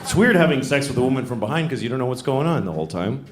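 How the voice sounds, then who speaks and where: A middle-aged man doing live stand-up, telling stories deadpan and jumping into high-pitched voices. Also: very fast. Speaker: stand-up comedian. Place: comedy club stage. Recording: echoey club with crowd noise.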